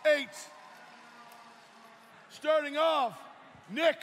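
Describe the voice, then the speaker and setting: Slow shouty Baltimore emcee in an echoing arena. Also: male voice, very high voice. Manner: shouty, folksy crowd hype. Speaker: event emcee. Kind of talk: hyping an arena crowd. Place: large indoor competition arena. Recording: echoey arena with long reverb and crowd. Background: crowd and arena noise.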